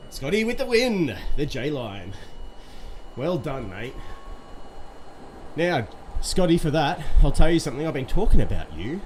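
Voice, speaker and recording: A man's voice: on the high side, big pitch swings, measured pace, a little mellow, a little hiss or hum. A man hosting a casual live stream while pedalling an exercise bike, upbeat and quizzing his viewers, a little out of breath.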